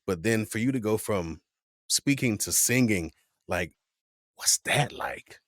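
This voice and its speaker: Lively low-voiced male podcast host. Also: slow, no echo, studio quality. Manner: lively, playful, hypes the guest on. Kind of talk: casual chat.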